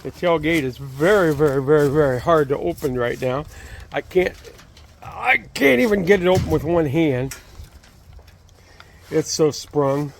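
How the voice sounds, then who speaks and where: A man's voice: on the high side, a little slow, vocal fry, long pauses, slight background noise. A man telling a story in a casual way, rambling with many fillers and restarts, beside his trailer outdoors. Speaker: channel host telling a story.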